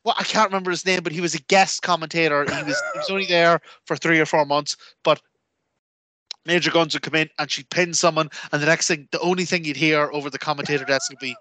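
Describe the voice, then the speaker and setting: A man, chatting on a podcast as co-host and telling animated stories that he acts out with quoted voices. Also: a little high, fast talker, no echo. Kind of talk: casual chat.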